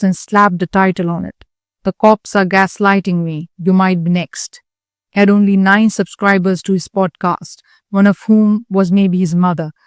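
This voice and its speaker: Woman storyteller, steady scripted narration, smooth clear voice, dry close sound. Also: medium pitch, dry recording.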